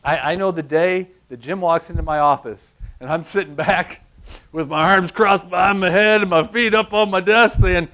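A middle-aged man preaching with a slightly high voice. He tells his stories in an animated way and acts out the voices in them. His delivery climbs to loud, emphatic peaks. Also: normal speed. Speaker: pastor. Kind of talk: sermon.

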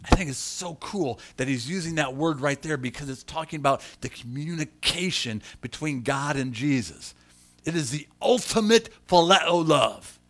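A pastor with a slightly high voice delivers an animated sermon, getting loud for emphasis and slowing down on key lines. He tosses in chatty asides to the congregation.

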